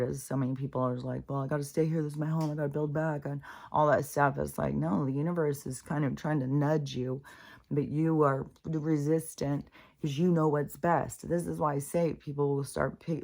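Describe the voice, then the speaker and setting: Low-pitched middle-aged woman, spiritual vlogger, blunt, profane, animated chatter. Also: gravelly. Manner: animated, swears freely, acts out quoted voices. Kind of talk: casual rambling monologue.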